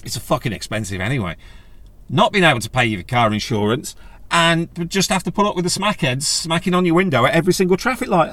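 A man's voice: on the high side, lively intonation, fast talker, bright, forceful tone, no room sound. A man with a sweary, sarcastic manner, ranting casually in a vlog. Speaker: vlogger. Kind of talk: casual rant.

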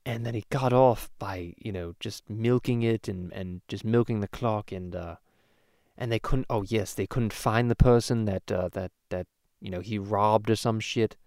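Guy playing a rambling cartoon baby boy, swears constantly, low-ish voice, dry close sound. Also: normal speed, creaky, darkish tone, no room sound. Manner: rambling storyteller, swears a lot, many restarts. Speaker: podcast host. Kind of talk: casual parody podcast chat.

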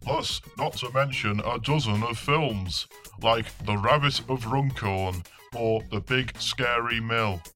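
A man voicing a cheesy advert announcer in a spoof commercial, overselling every word in a salesy pitch. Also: slow pace, sharp tone, faint music behind.

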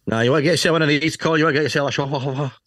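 A man's voice: on the high side, steady tone, racing, fairly bright tone, no echo. Joking man, dry sound. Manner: jokey, teasing. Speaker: podcast co-host. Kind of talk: casual banter.

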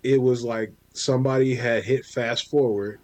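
Podcast co-host, male, animated storyteller, casual and loose. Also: moderate pace, dry recording. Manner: animated storyteller, jumps high for quoted asides. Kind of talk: casual chat.

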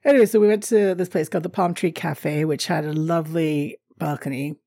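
Chatty, creaky-voiced middle-aged woman. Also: low voice, fairly quick, warm tone, no room sound, studio quality. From North America. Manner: rambling and chatty, laughs often, many fillers. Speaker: travel storyteller. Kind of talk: casual travel storytelling.

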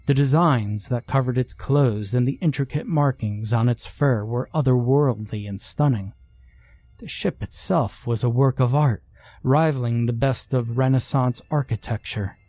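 A man narrating a first-person horror story in a measured, scripted way. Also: medium pitch, warm tone, dry recording.

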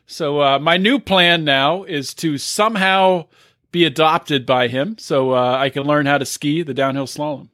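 Bright, dry-sounding man. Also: a little high, unhurried, no room sound. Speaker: podcast co-host. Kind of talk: casual chat.

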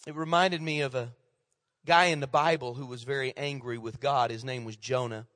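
A man's voice: mid-range voice, steady tone, normal speed, fairly bright tone, no echo, in a large hall. A man in his fifties, a pastor, preaching a sermon in a folksy storytelling way with many restarts. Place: church sanctuary.

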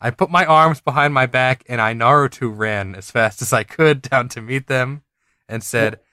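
Man, podcast co-host, reads a story aloud, bright voice, dry sound, casual asides. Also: mid-range voice, moderate pace, clean tone, dry recording. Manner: reads in quotes, breaks off with asides and laughs. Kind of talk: casual chat, reading aloud.

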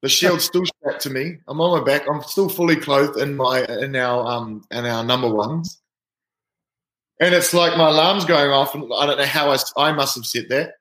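A man, a rugby player guest telling an animated story in casual chat. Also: mid-range voice, normal speed. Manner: lively, animated anecdote-telling. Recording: roomy echo.

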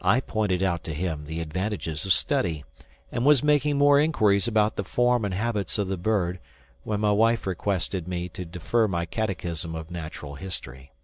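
A man reading a first-person story aloud in measured storytelling. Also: sits low, animated. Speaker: audiobook narrator. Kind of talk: scripted first-person narration.

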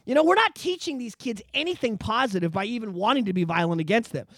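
A man's voice: sits high, animated, quick pace, a bit bright, no room sound. A man hosting a casual podcast, from Canada, ranting emphatically with constant profanity. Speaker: podcast host.

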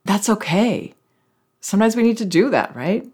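A woman's voice: mid-range voice, lively intonation, moderate pace, a little mellow, slightly rough. A woman hosting a conversational interview, reflective and often seeking agreement with tag questions. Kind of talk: conversational interview about parenting.

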